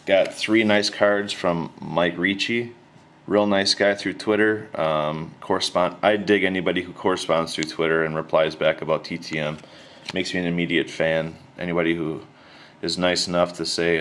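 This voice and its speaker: A man chatting casually to camera about his collection, rambling and relaxed, with plenty of slang and fillers. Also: sits low, moderate pace. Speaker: card collector showing his mail returns.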